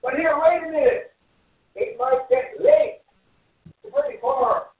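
A man voicing a cautious, caring mother who fusses gently, heard distant and echoey on a thin, phone-like recording. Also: extremely high pitch, very animated, measured pace, pitched above the performer's own voice, exaggerated voice. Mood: fussing. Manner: gentle, fussing, reassuring.

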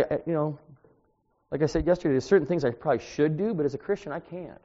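A man delivering an informal sermon as a preacher, talking in a conversational, anecdotal way that grows louder when he gets animated. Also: on the high side, fast. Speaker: street preacher. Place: church. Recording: dull lo-fi sound.

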